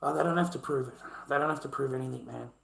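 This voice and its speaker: A man's voice: medium pitch, very fast, gravelly, a bit bright. A middle-aged Australian man, a live streamer, angrily ranting in a combative, profane, repetitive way. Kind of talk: angry ranting monologue. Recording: echoey room.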